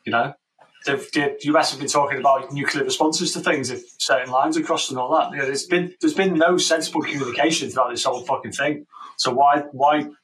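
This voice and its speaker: Bloke, blunt and sweary, mid pitch, sounds a bit back from the mic. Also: male voice, fairly even intonation, a little fast, fairly bright tone, recorded from a distance, poor audio. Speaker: podcast co-host. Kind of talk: casual current-affairs discussion.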